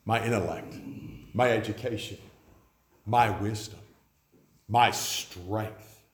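A man's voice: fairly low pitch, takes it slowly, echoey room. A man in his forties preaching a sermon, telling stories and acting out the voices of the people he quotes. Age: 40s. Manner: storytelling, acts out quoted voices. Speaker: pastor.

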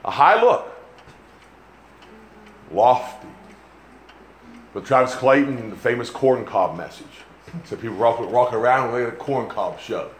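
Man preaching, rising and falling. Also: fairly quick. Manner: rises to loud emphatic preaching, then drops low and quiet. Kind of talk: sermon. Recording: echoey room with faint ambience.

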